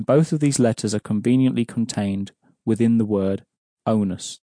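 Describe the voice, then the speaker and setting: A man's voice: mid-range voice, mellow, dry recording, clean studio sound. A man teaching an audio language lesson, explaining rules patiently and prompting the listener with questions.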